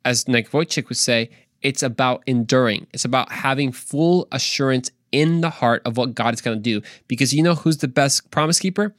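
A man hosting a faith podcast, earnest and animated, repeating points for emphasis and joking in between. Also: medium pitch, brisk, no room sound, clean studio sound. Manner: playful, tries silly accents, earnest preaching. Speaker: podcast host. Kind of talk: casual faith podcast monologue.

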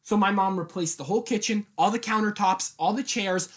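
A man's voice: high voice, brisk, husky. Young man laughing through a story. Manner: laughing storyteller, acts out quotes. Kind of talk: casual chat.

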